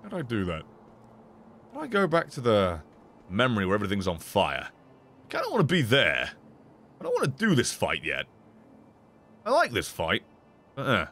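A man streaming a video game, swearing, yelling in frustration and laughing at himself as he talks to the game. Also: lowish voice, huge pitch swings, normal speed, long pauses. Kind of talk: casual gameplay commentary.

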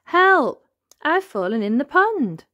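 A playful, mischievous young elephant from a storybook, as a woman reads him aloud. His voice leaps very high, lively and full of calls and pleas. The sound stays close and dry. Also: unhurried, no echo.

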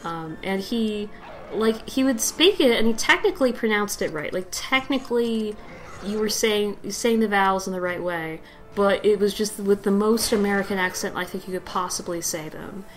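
A woman's voice: medium pitch, moderate pace, faint music behind, low-quality recording. A young woman giving casual gameplay commentary, rambling with lots of fillers and giggles. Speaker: let's play host.

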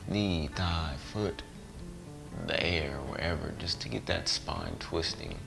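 Slow, deep-voiced gravelly yoga teacher. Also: male voice. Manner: relaxed, playful cues with sighs and jokes. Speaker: yoga instructor. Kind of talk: guided yoga class. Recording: music playing behind voice.

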